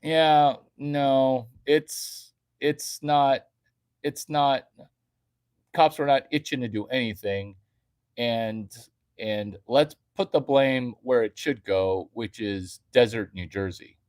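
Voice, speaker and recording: A man delivering a rambling, crude comedic rant, jumping from loud bursts to hushed baby talk. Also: medium pitch, takes it slowly. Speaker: vlogger.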